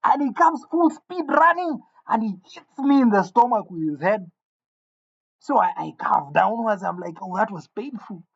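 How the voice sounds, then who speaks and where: A man telling a comic gossip story in an animated way, stammering over restarts and jumping suddenly into quoted voices. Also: sits high, unhurried, vocal fry. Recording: dull lo-fi sound.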